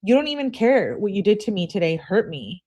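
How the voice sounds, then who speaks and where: A woman's voice: mid-range voice, very animated, fairly quick, mellow, breathy edge. A woman reading aloud as an upset teenage girl, clingy and indignant, complaining in an exasperated way. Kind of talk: reading text messages aloud.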